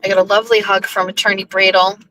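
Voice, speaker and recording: A chatty woman talks to her viewers from behind the wheel, rambling and blunt, with a bright, forceful edge to her voice. She sounds overwhelmed and emotional, and faint noise hums in the background. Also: mid-range voice, flat delivery, quick pace, low-quality recording. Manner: chatty, scattered, blunt and profane. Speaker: host. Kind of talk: casual live-stream chat while driving. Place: car, driving.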